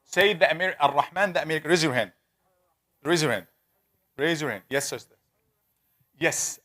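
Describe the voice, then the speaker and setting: Man, teacher, fairly high voice, drawn-out repeated sounds, questions the class. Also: sharp tone. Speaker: tajweed teacher. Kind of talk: interactive classroom lesson.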